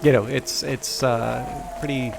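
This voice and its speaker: A man's voice: medium pitch, fairly even intonation, a little slow, creaky, noisy background. A man casually commenting while streaming a game, rambling and hesitant with many fillers. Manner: rambling, hesitant, self-deprecating. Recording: game music under voice.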